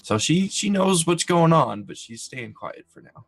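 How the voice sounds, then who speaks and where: A man's voice: on the high side, very animated, a little slow, soft background music. A man playing a tabletop roleplaying game, describing his character hesitantly with lots of fillers. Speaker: player.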